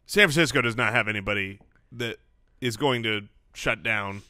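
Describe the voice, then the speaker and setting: A man with a bright, forceful voice co-hosts a casual sports podcast. He sounds analytical and dryly wry. The recording is close and dry. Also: on the low side, moderate pace, dry recording. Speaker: podcast co-host.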